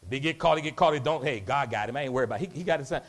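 A man preaching a sermon, animated, acting out quoted voices and breaking into shouts. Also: medium pitch, racing.

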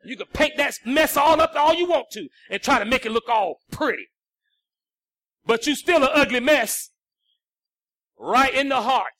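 A man preaching in a high, bright, ringing voice with a lilt. He swings from near-shouted lines down to hushed, intimate ones, and the sound is close and dry. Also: expressive, normal speed, long pauses, no echo. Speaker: pastor. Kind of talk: sermon.

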